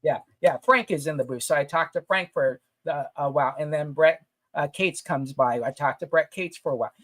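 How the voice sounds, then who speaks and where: A man co-hosting a casual podcast, telling stories in an emphatic, animated way. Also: on the high side, a little fast, no echo. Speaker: podcast co-host, comic retailer. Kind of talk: casual chat.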